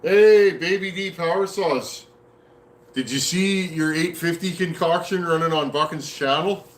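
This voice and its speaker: With a fairly high pitch and a measured pace, a Canadian-accented man from Canada chats on a live stream. He builds chainsaws and, from his home workshop, answers viewers' comments casually, folksy and rambling, in a roomy-sounding space.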